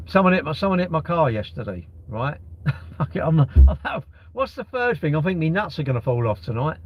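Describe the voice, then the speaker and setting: A man's voice: fairly high pitch, big pitch swings, moderate pace. A middle-aged man, rambling and swearing freely in casual live-stream chat. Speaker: livestreamer. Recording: dull, lo-fi live-stream audio.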